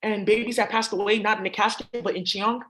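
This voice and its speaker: A woman's voice: mid-range voice, fairly even intonation, fast, a bit bright. A woman vlogger talking in a rambling, profane monologue that jumps between topics.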